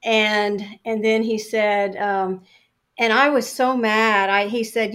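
A middle-aged woman shares a story from her working life as an interview guest. She tells it with energy and acts out her own past replies, at an ordinary mid-range pitch. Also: fairly even intonation, takes it slowly, a bit bright, clean tone.

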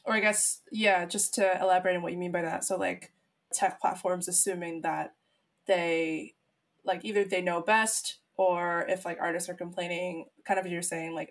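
A woman interviewer with a somewhat low voice builds long, thoughtful questions. She winds through her points before arriving at what she wants to ask. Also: little pitch movement, moderate pace. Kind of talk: interview conversation.

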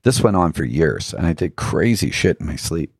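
Deep, husky man, musing earnestly. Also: very animated, normal speed, no echo, studio quality. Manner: earnest, musing, with frequent rhetorical questions; laughs now and then while telling stories. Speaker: podcast guest. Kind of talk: reflective spiritual storytelling.

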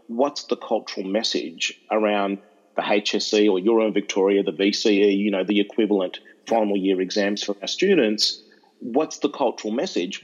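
A middle-aged Australian man, an educational speaker, telling stories in an interview, animated and restarting often. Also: fairly low pitch, highs cut off. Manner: animated, repeats and restarts, acts out voices in anecdotes. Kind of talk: storytelling interview chat.

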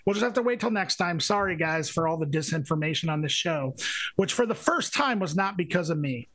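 A man's voice: on the high side, lively intonation, fairly quick, fairly bright tone. A man co-hosting a music podcast in casual chat, rambling and full of fillers as he hunts for words. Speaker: podcast co-host.

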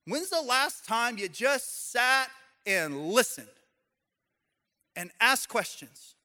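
High, bright-voiced male preacher. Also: slow pace. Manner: animated, storytelling preacher addressing the congregation. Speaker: pastor. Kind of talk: sermon.

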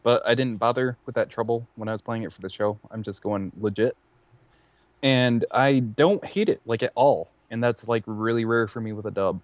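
A man co-hosting a casual game podcast, measured and matter-of-fact. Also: medium pitch, no room sound, highs cut off. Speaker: podcast co-host.

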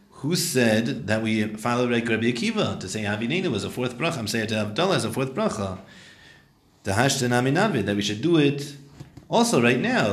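A man's voice: mid-range voice, echoey room. A man teaching a Talmud class, translating Hebrew and Aramaic phrases and questioning his students.

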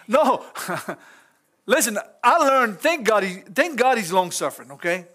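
A man's voice: high voice, expressive, slow, sharp tone. A middle-aged man, a pastor, preaching an informal sermon in church, folksy and chuckling as he talks straight to the congregation.

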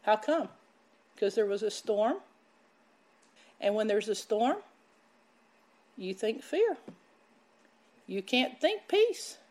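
A woman preaching a sermon, emphatic and animated as she tells stories. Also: mid-range voice, slow, long pauses. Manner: animated, emphatic, laughs while telling stories. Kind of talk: sermon with storytelling.

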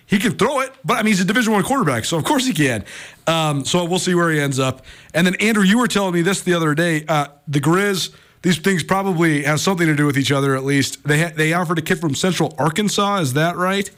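Chatty high-voiced American radio host. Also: male voice, animated, fast, a bit bright. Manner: rambling, chatty, with frequent fillers and restarts. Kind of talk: casual sports talk.

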